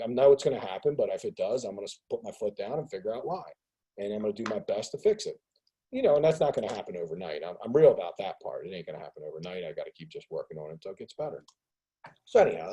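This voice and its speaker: Man ranting on a group call, husky dark voice. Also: fairly low pitch, poor audio. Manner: animated ranting, acts out others' voices. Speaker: host of a business mastermind call. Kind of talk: casual group call monologue.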